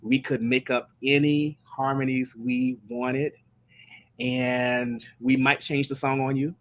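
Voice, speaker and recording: A gospel singer and worship leader chats casually on a live stream, his medium-pitched, slightly bright voice slow and showing little pitch movement. He tells stories in a meandering way, restarting often.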